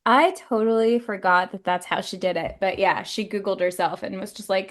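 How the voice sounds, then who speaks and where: A woman's voice: mid-range voice, normal speed. A young woman co-hosting a book podcast in casual, laughing chat, with lots of "like". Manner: chatty, laughs often, says like a lot. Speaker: podcast co-host.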